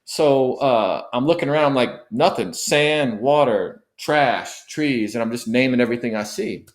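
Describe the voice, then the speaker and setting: A man's voice: mid-range voice, unhurried. A middle-aged man, a missionary guest, telling an emotional personal story in a podcast interview, earnest and often repeating himself.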